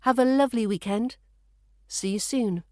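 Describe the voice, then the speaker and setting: A British woman hosting a podcast lesson, teaching accent and phrases in a playful, crisp scripted delivery. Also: fairly high pitch, normal speed, darkish tone, no echo, studio quality.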